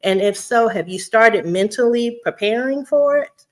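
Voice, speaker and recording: A woman's voice: on the high side, lively intonation, a little slow. Chatty woman vlogger. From Houston, Texas. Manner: chatty, laughs often, talks straight to her audience. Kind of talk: casual chat to viewers.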